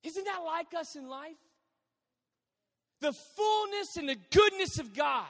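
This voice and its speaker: Male pastor, high voice, lively jokey sermon storyteller, echoing church hall. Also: a little slow. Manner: animated, joking storyteller. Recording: long hall reverb.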